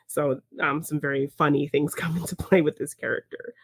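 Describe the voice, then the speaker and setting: A woman's voice: deep voice, steady tone, brisk, vocal fry, husky, dry recording, studio quality. A woman co-hosting a podcast, recapping a film in casual chat, laughing often and using lots of fillers. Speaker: podcast co-host.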